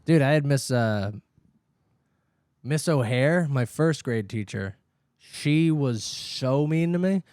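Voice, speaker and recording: A young man co-hosting a podcast, telling stories in a casual chat, animated and laughing, with plenty of swearing. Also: medium pitch, slow, clean tone, dry recording, studio quality. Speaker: podcast co-host.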